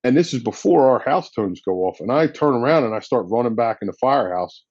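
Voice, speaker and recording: A man's voice: medium pitch, animated, brisk, darkish tone, dry recording, lo-fi sound. A man, a firefighter guest, telling a story in a blunt, casual way with slang and swearing. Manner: blunt and profane, drops in slang.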